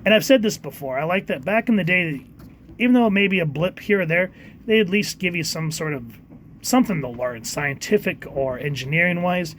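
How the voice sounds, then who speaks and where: Man, comic reviewer, casual and chatty, slightly high voice, faint noise behind. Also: expressive, a bit bright. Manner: reads quoted lines in quick put-on voices, halting with fillers. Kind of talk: casual review, reading panels aloud.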